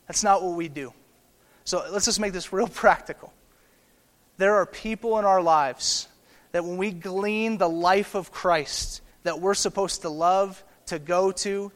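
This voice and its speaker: A man in his thirties, a pastor giving a sermon in a casual, animated way, often checking in with "okay?" and "right?". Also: high voice, long reverb tail. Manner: conversational, animated, tag questions like "okay?" and "right?".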